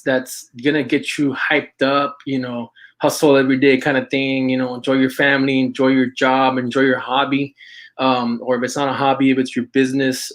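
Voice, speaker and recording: A middle-aged man talks casually on a livestream, his voice sitting at an ordinary middle pitch. He rambles and stops to restart his sentences as he goes. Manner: rambling, halting, full of restarts and fillers. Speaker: host of an outdoors apparel and magazine show. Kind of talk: casual livestream talk with shout-outs.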